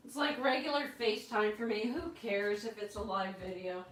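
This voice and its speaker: A woman's voice: medium pitch, steady tone, normal speed, a bit bright, slightly rough. A woman chatting candidly on a casual livestream from her phone at home, swearing freely as she talks. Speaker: livestream host.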